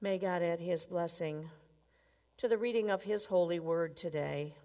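A woman's voice: fairly low pitch, moderate pace, dark tone. A woman preaching a sermon in a conversational way, often asking her listeners questions. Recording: long reverb.

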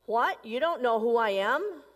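A woman's voice: a little high, lively intonation, unhurried, fairly bright tone. A woman playing an impatient, entitled male traveler who pushes to the front and demands a ticket. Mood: demanding. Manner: pushy, indignant. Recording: long reverb.

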